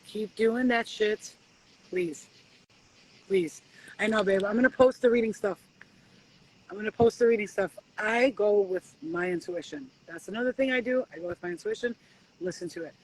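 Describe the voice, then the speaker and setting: A woman's voice: a little high, low-quality recording. Profane, preachy woman on a live stream. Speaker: spiritual reader hosting a live stream. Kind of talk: casual live-stream pep talk.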